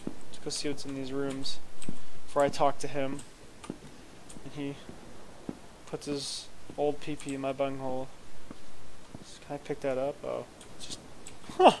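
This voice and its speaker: A man's voice: medium pitch, fairly even intonation, unhurried, pauses often, a little hiss or hum. A man casually commenting on a video game, swearing freely, joking and muttering his reactions as he plays. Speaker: let's play host.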